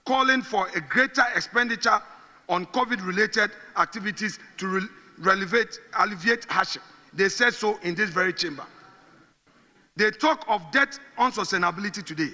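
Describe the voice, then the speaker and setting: Forceful high-pitched Ghanaian man orating. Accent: Ghanaian English. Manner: forceful, combative oratory, repeating phrases for emphasis. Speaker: parliamentary minority leader. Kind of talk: parliamentary debate speech. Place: large parliamentary chamber. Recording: long reverb of a large hall.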